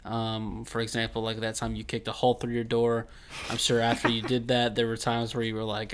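A man's voice: medium pitch, completely flat delivery, fairly quick, slight background noise. Young male podcast co-host, laid-back and rambling, who laughs often and has a mid-range voice. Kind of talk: casual chat about an anime.

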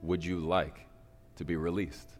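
A man voicing a somber, powerful, wealthy father who speaks slowly, quietly and gravely. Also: low voice, little pitch movement, big-room sound, soft background music.

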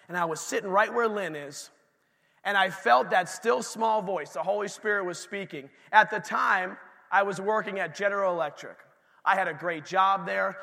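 A man's voice: high voice, bright, forceful tone. A man preaching a sermon in a church, telling stories in a conversational way with asides to the congregation. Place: church sanctuary. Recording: long reverb of a church hall.

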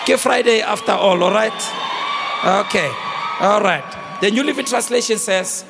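A man's voice: high-pitched, expressive, moderate pace, gravelly, background noise. A man preaching a sermon as pastor in a church hall, pleading and storytelling with passion. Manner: impassioned preaching with personal storytelling. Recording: long hall reverb.

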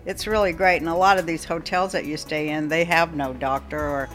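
A woman in casual podcast chat, eagerly agreeing and telling a quick anecdote. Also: low voice, steady tone, soft background music.

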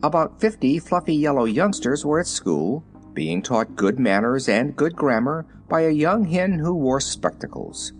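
A man narrating a children's storybook in an expressive, measured reading. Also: fairly high pitch, faint music behind. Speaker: audiobook narrator.

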